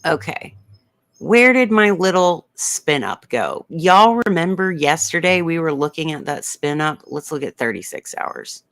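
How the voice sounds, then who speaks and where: A man walks through a weather map in a slow, unhurried delivery. His voice is bright and smooth, and it sits a little higher than most men's. He sounds close to a dry microphone, rambling playfully and filling gaps with ums. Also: sing-song, no room sound. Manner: rambling and playful, with many fillers. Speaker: comedic weather host. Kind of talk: casual livestream weather commentary.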